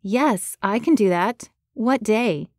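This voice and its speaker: A woman's voice: medium pitch, expressive, slow, a little mellow, dry recording, clean studio sound. A woman voicing a hopeful young female matchmaker who speaks eagerly.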